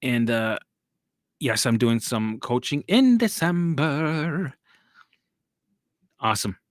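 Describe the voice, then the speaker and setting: Guy rambling casually on his live stream, answering chat, dry close sound, mid pitch. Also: animated, slow, dry recording. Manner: loose, chatty, reads and answers viewer comments.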